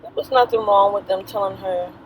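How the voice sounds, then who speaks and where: A woman speaks straight to her viewers in a casual commentary. She is earnest and a bit preachy, circling back on her points. Her voice sits at an ordinary pitch. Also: fairly even intonation, brisk, slight background noise, poor audio. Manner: earnest, preachy, repeats herself. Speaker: commentary vlogger.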